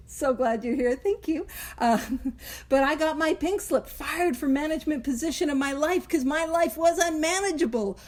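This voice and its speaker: A woman hosting a recovery book study, talking casually and animatedly, with frequent laughs and self-interrupting asides. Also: high-pitched. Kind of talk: casual teaching chat.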